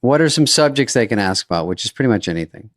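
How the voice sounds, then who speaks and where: A man's voice: mid-range voice, lively intonation, fast, fairly bright tone, dry recording, studio quality. A man co-hosting a podcast in casual chat, easygoing and wry, often answering with short agreeing words. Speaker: podcast co-host.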